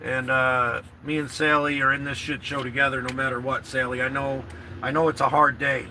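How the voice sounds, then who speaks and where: A man's voice: medium pitch, little pitch movement, normal speed, pushed and bright, slight background noise. A man chatting casually to livestream viewers from his parked car, rambling and earnest, repeating himself and swearing freely. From New York State.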